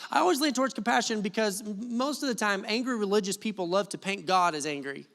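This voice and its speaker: High-voiced pastor preaching in a reverberant church. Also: male voice, quick pace, vocal fry. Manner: animated, joking asides to the congregation. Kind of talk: sermon. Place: church sanctuary. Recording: long hall reverb.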